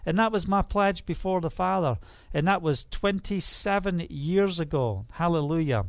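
A man's voice: sits high, moderate pace, no room sound. A middle-aged man from the UK preaching a livestreamed sermon as a minister, talking conversationally and often saying "you know" and "hallelujah".

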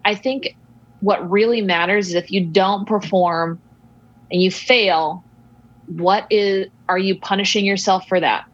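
A woman guest expert answering interview questions about sports and parenting in a measured, thoughtful way. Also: medium pitch, fairly even intonation, dry recording, highs cut off. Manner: measured, thoughtful, slow explaining.

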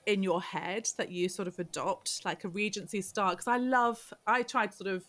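A woman's voice: medium pitch, fairly even intonation, normal speed, a bit bright. A woman podcast host chatting enthusiastically and laughing often with her guest. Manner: enthusiastic, giggly. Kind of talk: casual interview chat.

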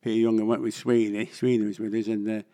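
A man's voice: fairly low pitch, level tone, fast, dark tone. An older man with a Mancunian accent, a guest actor chatting in a casual interview in a rambling, self-deprecating way. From England.

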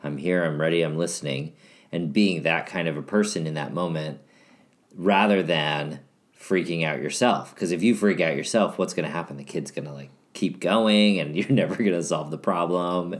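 A man co-hosting a casual couples podcast, speaking calmly and finishing his partner's sentences. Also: sits low, normal speed. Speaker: podcast co-host.

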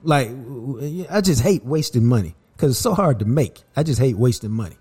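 Animated, fired-up male podcast host. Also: mid-range voice, fairly quick, slightly rough, soft background music. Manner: animated, emphatic storyteller who gets worked up. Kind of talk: casual podcast chat.

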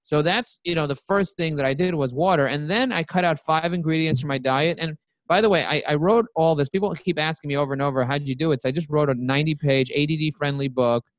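A man's voice: fairly high pitch, fast, no echo. A man, a company CEO, telling his story as an interview guest and acting out his own quoted lines.

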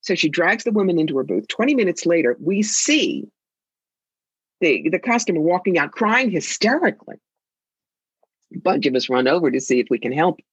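A woman's voice: fairly low pitch, sing-song, normal speed, pauses often, breathy edge, dry recording, muffled recording. A woman psychic and author telling stories in an interview, with a sassy, theatrical manner. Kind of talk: interview conversation.

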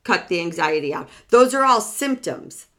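A woman's voice: lowish voice, lively intonation, normal speed, a bit bright. A woman speaker in a self-help talk, earnest and direct. She circles back on key words and keeps asking her listeners questions before answering them herself. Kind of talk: motivational talk to an audience.

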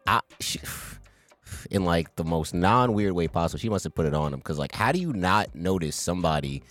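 A man co-hosting a casual podcast, animated and joking, often acting out scenes in funny voices. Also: deep voice, normal speed, dry recording. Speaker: podcast co-host. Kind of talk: casual chat. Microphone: podcast mic.

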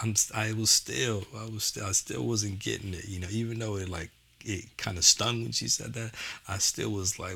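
A man's voice: sits low, fairly even intonation, moderate pace, vocal fry, bright, forceful tone, husky. A man speaking as an educator and father to parents and teachers, conversational, often checking in with "you know" and "okay?". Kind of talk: motivational talk to parents and teachers.

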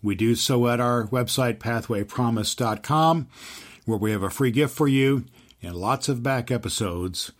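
A man hosting an inspirational podcast, giving an earnest faith-based teaching and telling stories, slowing down to stress key phrases. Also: fairly low pitch. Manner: earnest, with slowed emphatic phrases and storytelling. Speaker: podcast host and Christian teacher.

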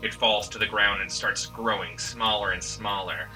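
A man's voice: fairly low pitch, steady tone, normal speed, sharp tone. A man hosting and narrating a tabletop adventure, breaking off for joking asides. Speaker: game master and host. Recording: distant mic with background music.

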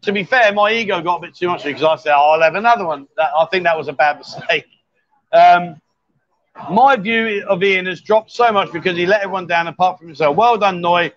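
A man's voice: high-pitched, a little fast, fairly bright tone. A man hosting a casual livestream from a bar, teasing his guests with jokey banter. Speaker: livestream host. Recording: dull lo-fi livestream audio.

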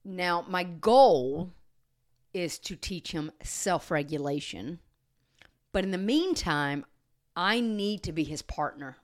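A woman co-hosting a podcast on dog training, explaining in an earnest, steady way and sometimes slowing and softening her voice. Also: on the low side. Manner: earnest, explanatory, slows and softens to demonstrate calm talk. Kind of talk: casual podcast chat.

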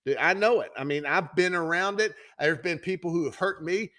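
Middle-aged male podcast host, slightly high-pitched, folksy and conversational storyteller. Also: brisk, sharp tone. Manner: folksy, conversational, with heavy fillers and restarts.

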